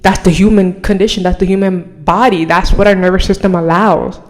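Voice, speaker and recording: A woman's voice: mid-range voice, fairly even intonation, a little fast. A young woman talking casually and earnestly to her viewers, rambling with many fillers as she shares a personal testimony, at times emotional. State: emotional, near tears at times. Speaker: vlogger.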